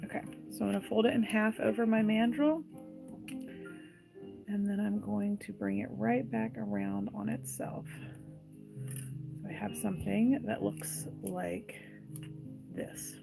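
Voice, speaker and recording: A woman's voice: medium pitch, fairly even intonation, unhurried, gravelly, pauses often, over music, poor audio. A woman leading a live craft tutorial, talking through each step unhurriedly and chatting with viewers' comments as she works. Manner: chatty, reads and answers live viewer comments between steps. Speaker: jewelry maker demonstrating wire wrapping.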